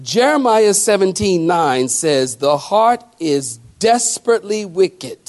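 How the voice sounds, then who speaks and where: A male pastor preaching a sermon in a folksy, animated way with quick asides to the congregation. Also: high-pitched. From not from the American South.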